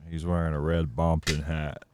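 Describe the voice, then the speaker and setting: A man with a very deep voice chats in a laid-back, slangy way on a casual podcast, stopping often with fillers. Steady noise and clicks sit clearly under his voice. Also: moderate pace. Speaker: podcast co-host.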